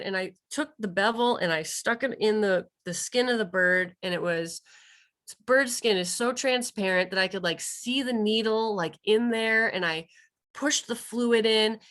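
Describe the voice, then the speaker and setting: A woman gives a continuing education talk as a wildlife rehabilitator. Her voice is bright and crisp. She tells her story with animation and acts out the other people's lines. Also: fairly high pitch, a little slow. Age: 30s. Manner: lively storytelling, acting out quoted dialogue. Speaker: wildlife rehabilitator and vet tech presenter.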